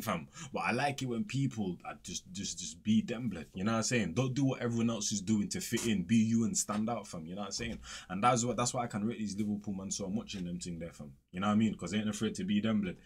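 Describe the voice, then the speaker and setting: A man's voice: fairly low pitch, breathy edge. A man giving chatty, casual reaction commentary into a desk microphone. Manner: chatty, peppers speech with "blood" and "fam". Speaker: music reaction streamer. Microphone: USB desk microphone.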